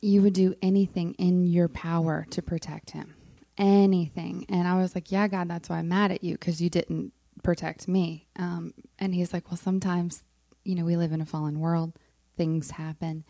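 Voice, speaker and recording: A woman with a warm, gravelly voice talks softly through a personal faith story, pausing on frequent ums. Her voice is close and dry, with no room sound around it. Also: on the low side, little pitch movement, no room sound. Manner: soft-spoken, frequent ums, emotional. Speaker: worship leader on a moms' panel. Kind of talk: casual heartfelt testimony.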